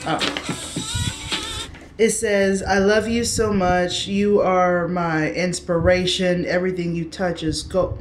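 A woman's voice: fairly low pitch, little pitch movement, takes it slowly, faint music behind. A young woman in her studio apartment unboxing packages in a casual vlog, playful and slangy, sometimes breaking into song. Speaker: vlogger.

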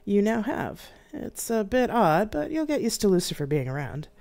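Woman doing a brisk, steady station captain giving orders. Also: mid-range voice, creaky, voice pushed up. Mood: commanding. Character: station captain, calm commanding officer.

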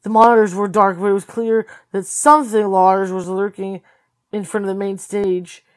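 A woman reading a novel aloud as a tired read-along host, steady with occasional slips and corrections. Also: mid-range voice, moderate pace, dry recording. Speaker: storybook reader.

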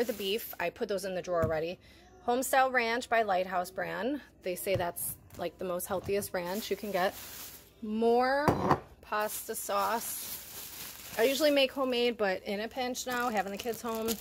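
There's a lot of noise in the background as this woman, a vlogger with a mid-range voice, unpacks her grocery haul at home. Slightly breathless, she chats casually to camera and keeps saying "you guys" to her viewers.

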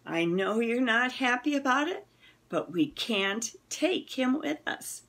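Soothing storybook mother, ever patient, read by a woman; breathy and lively. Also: fairly high pitch, slow pace, full character voice. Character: patient, gentle mother of a boy.

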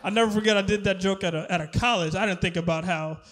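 A man performing a stand-up comedy set on stage, animated, laughing and shouting at his punchlines. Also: sits high, fast talker, crowd noise. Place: comedy stage before a live audience.

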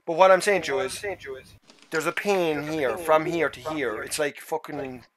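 A man's voice: on the high side, moderate pace, over a noisy crowd. An Irish man chatting casually on a game live stream, rambling, swearing and joking with his mates. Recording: loud game engine noise behind.

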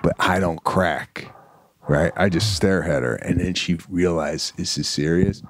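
A man with a fairly low voice tells his story with animation, acting out the family scenes in a relaxed chat. The sound is dry and close, with no room around it. He keeps an easy, casual tone as a podcast co-host. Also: measured pace, no echo.

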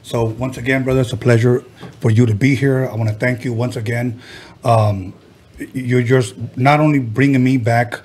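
A man's voice: mid-range voice, steady tone, normal speed, darkish tone, breathy edge. A man hosting an interview, asking easygoing, friendly questions. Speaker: host. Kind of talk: casual interview.

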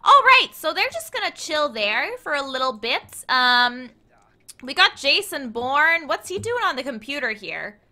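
A woman's voice: sits high, big pitch swings, measured pace, sharp tone. A young woman giving chatty, playful commentary on her gameplay and talking to the characters on screen. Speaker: let's play host.

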